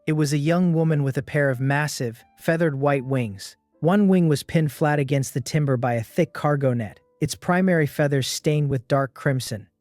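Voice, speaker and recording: A male narrator tells a first-person adventure recap in a steady, even storytelling voice. The sound is dry and close to the mic. Soft music plays faintly underneath. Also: a little high, normal speed, few pauses, no echo.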